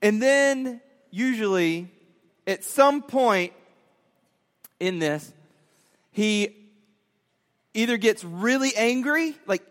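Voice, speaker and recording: A man, a father, telling a story to young listeners in an animated way, acting out quotes and laughing often. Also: sits high, long reverb tail. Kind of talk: storytelling talk.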